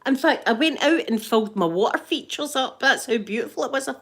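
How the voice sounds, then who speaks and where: A woman's voice: high-pitched, animated, a little fast, a bit bright. Scottish woman, middle-aged, livestream host, rambling anecdotes, laughing. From Scotland. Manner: chatty storytelling with frequent restarts and laughs. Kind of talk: casual chat reading live comments.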